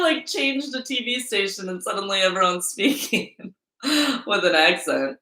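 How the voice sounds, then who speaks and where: A woman's voice: mid-range voice, moderate pace, sharp tone. A woman hosting a live Q&A stream, talking in a chatty, rambling way full of fillers. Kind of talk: casual live-stream chat. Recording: roomy echo.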